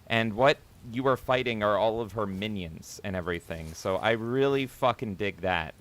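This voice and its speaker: A man's voice: on the low side, moderate pace. A man streaming a video game, giving rambling, casual commentary with frequent swearing and jokes. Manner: rambling, swears freely, jokey.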